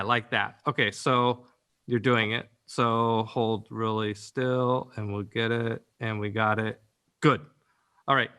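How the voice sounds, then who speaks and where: A man's voice: mid-range voice, a bit bright, smooth. A man directing voice actors in a recording session, giving rambling instructions full of fillers over a video call.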